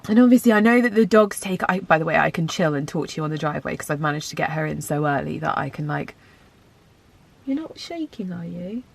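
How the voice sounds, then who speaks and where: A woman talks to her camera in a relaxed, rambling way. Her chat is heartfelt and personal, full of little asides, as in a casual lifestyle vlog. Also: low-pitched, fast, vocal fry, few pauses. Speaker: lifestyle vlogger.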